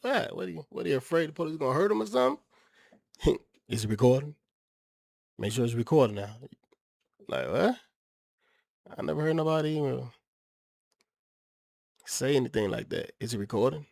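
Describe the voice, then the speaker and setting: A man's voice: mid-range voice, big pitch swings, brisk, vocal fry, long pauses, a little mellow, no echo, clean studio sound. A man hosting a reaction video, talking in a rambling, slangy, incredulous way. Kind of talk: casual reaction commentary.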